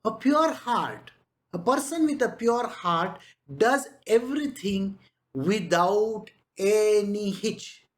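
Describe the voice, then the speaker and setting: A woman's voice: mid-range voice, slow pace. Chatty woman giving a spiritual talk. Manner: chatty, with frequent rhetorical questions and "you know". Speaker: spiritual teacher. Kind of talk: conversational spiritual discourse.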